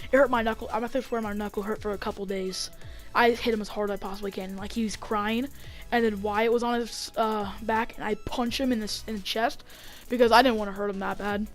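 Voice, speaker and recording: A woman telling a story in a casual vlog, rambling with lots of fillers and getting excited as she acts it out on a desk mic. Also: fairly high pitch. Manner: rambling, heavy on fillers, gets excited acting out the fight. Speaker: vlogger.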